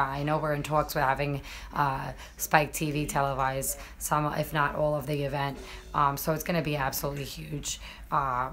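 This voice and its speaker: A woman's voice: deep voice, a bit bright. A young woman, chatting casually and cursing as she talks to viewers on a live stream. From New York.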